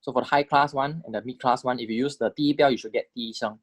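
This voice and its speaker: A man's voice: steady tone, quick pace, no echo. Man teaching, close dry sound. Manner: explanatory, checks in with "right?" and "correct?"; models syllables aloud in swooping pitch for each tone. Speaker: language teacher. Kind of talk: lecture.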